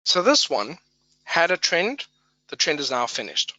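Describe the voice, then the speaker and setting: A man's voice: fairly high pitch, sing-song, a little slow, sharp tone, no echo, rough recording. A man presenting a live trading webinar, talking through price charts in a conversational way, thinking aloud and repeating key words for emphasis.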